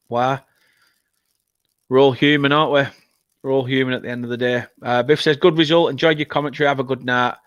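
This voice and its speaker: A man from England hosts a live football watchalong in an excitable, emotional, chatty way, reading viewer comments aloud. His voice is smooth and resonant. The sound is dry and close, with no room echo. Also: medium pitch. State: upset, has been crying. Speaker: football fan channel host.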